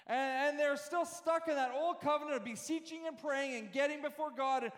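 A man preaching a sermon as pastor, animated and full of rhetorical questions, often repeating words as he goes. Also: extremely high pitch, a little fast. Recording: echoey hall reverb.

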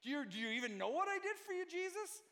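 A man's voice: extremely high pitch, big pitch swings, fast, pushed and bright, pitched above the performer's own voice, heavily acted. A man putting on a whiny, pleading offended man. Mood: pleading, aggrieved. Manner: whiny, pleading, repeats his complaint.

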